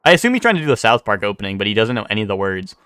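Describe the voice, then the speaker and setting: A man's voice: lowish voice, big pitch swings, racing, pushed and bright, smooth, no room sound, studio quality. A man streaming live, chatting casually with chat, rambling with many fillers and restarts and swearing freely.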